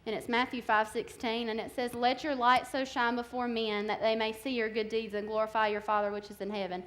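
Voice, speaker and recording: A young woman preaching, her voice sitting a little high. She speaks candidly and conversationally, building passion as she urges her listeners. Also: little pitch movement, brisk, fairly bright tone. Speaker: guest speaker. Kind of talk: sermon.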